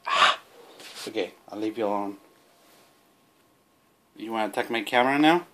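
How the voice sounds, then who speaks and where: A man's voice: lowish voice, normal speed, bright, forceful tone, slight background noise. A man filming a home video, talking to a cat in a coaxing, sing-song baby-talk voice. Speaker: cat owner filming his cat.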